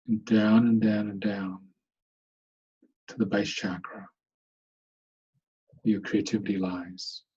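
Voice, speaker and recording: Low husky guy leading a slow meditation on a muffled webinar call. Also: little pitch movement, mellow. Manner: slow, soothing guided instructions with long sung "ah" tones. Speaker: meditation teacher.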